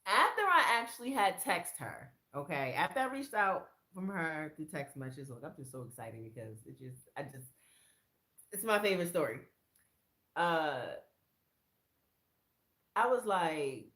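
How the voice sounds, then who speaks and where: A woman sharing a faith testimony from her room in casual, excited storytelling. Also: normal speed, reverberant. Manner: excited storyteller who acts out quoted lines in a much higher voice. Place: her own room, indoors.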